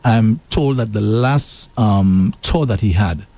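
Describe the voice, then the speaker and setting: A man co-hosting a radio show, telling stories in a lively way that jumps up in pitch. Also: slow pace, vocal fry. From Saint Lucia. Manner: animated storytelling with pitch jumps. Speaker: radio co-host. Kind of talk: casual radio talk. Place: radio studio.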